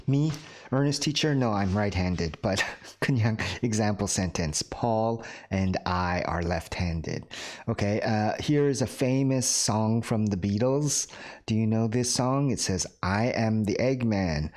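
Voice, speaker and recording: A man's voice: fairly low pitch, a little slow, darkish tone. A man teaching an online English class, patient and repetitive, often checking in with "right?" and slipping in Korean words for his students. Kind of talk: recorded online class lecture.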